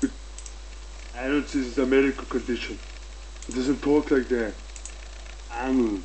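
A man doing a comic impression of a gruff, deadpan, muscle-bound action-hero man, barking short clipped lines. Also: mid-range voice, a little hiss or hum, close to an everyday voice, rough recording. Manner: slow, clipped, heavily accented barking.

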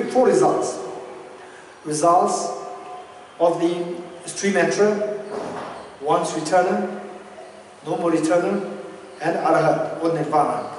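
A man's voice: sits high, darkish tone. A man giving a Buddhist dharma teaching who repeats key phrases as he explains them. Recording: echoey hall, distant mic, faint noise.

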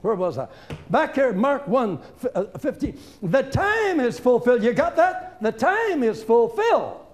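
An older male evangelist preaches in a folksy, conversational way, driving each point home with emphasis. His voice sits high for a man and leaps up and down all the time, and he keeps addressing the room directly. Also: sing-song, a little slow. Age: 70s. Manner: folksy, emphatic, conversational, talking straight to the audience. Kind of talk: informal seminar sermon.

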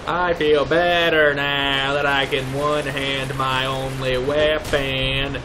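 A young man giving let's play commentary, mock-pompous and swearing, shouting insults at enemies. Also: mid-range voice, little pitch movement, takes it slowly, noisy background. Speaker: gaming YouTuber.

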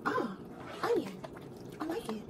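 Speaking a little slowly in a voice that sits high, this cooking show host chats and jokes her way through a casual home kitchen vlog, laughing at her own humor. A distant microphone captures her along with constant background noise.

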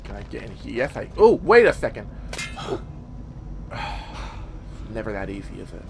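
A young man casually commentating a horror game, rambling with many fillers, swearing, and sometimes yelling. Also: fairly low pitch, big pitch swings, normal speed, gravelly, background noise. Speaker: gameplay commentator. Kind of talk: casual let's-play commentary.

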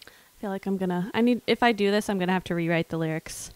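A woman's voice: mid-range voice, quick pace, clear, resonant tone, no echo, rough recording. A woman musician from the American South, with no regional accent, hosting a livestream. She talks in a rambling, thoughtful way between songs, with lots of fillers, and reads out viewer comments. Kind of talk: casual chat between songs.

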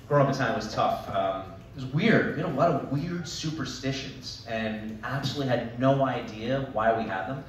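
Thirties male stand-up comic with animated, exaggerated storytelling. Recorded at a distance in a reverberant venue, with faint ambience behind him. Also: medium pitch, moderate pace, few pauses, dull audio, a little hiss or hum. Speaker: stand-up comedian. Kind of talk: stand-up comedy set. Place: talent show stage at a winery. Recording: echoey hall, mic from a distance.

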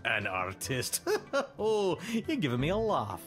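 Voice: mid-range voice, very animated, a little slow, soft background music. A voice actor playing a cheerful, polite male goblin painter with a Scottish accent in a video game. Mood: amused. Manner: polite, hearty laughter.

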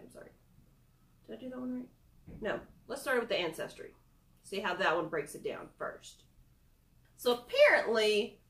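A woman's voice: medium pitch, a bit bright. Chatty young woman in a roomy space. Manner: chatty, self-deprecating, giggly asides. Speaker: product reviewer. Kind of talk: casual screen-recorded review.

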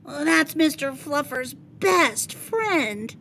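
A dramatic little boy who whines and haggles over his toys, as a woman reading a storybook puts him on. His voice jumps high and swings widely as he pleads. He talks slowly. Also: lively intonation, creaky, fairly bright tone, a little hiss or hum, exaggerated voice. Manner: pleading, theatrical, high-pitched. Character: young boy, dramatic, whiny bargainer.

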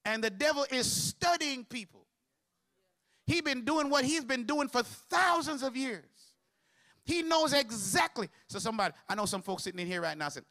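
A man's voice: very high-pitched, animated, normal speed, pushed and bright. A man preaching a sermon as pastor, mixing humor with call-and-response to the congregation.

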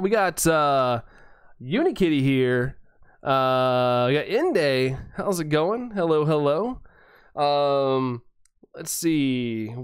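A man's voice: a little high, clear, resonant tone, no room sound. A man live-streaming a game, chatting casually, reading viewer messages aloud and chuckling often. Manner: laid-back, chuckles often, greets chatters by name.

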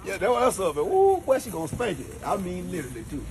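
Male comic lead, high pitch, easygoing slangy delivery with frequent chuckles. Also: sing-song, racing, background noise. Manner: laid-back, chuckling, Southern slang. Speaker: comedian in a sketch. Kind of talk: improvised comedy sketch.

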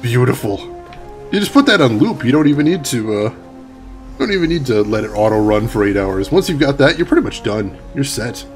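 A man's voice: medium pitch, big pitch swings, brisk, soft background music. A man casually commenting on his game while chatting with viewers and laughing often. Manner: chatty, reads chat aloud, laughs often. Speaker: gaming streamer. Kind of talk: casual let's-play commentary.

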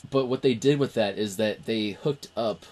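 A man's voice: fairly low pitch, normal speed, darkish tone, slight background noise. A man co-hosting a casual film podcast, rambling with many fillers and restarts. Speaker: podcast co-host.

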